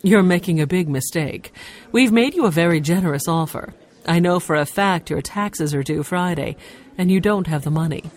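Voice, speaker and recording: A woman's voice: lowish voice, darkish tone, lightly acted. Woman doing a pushy, smug real estate agent. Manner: brisk, pushy.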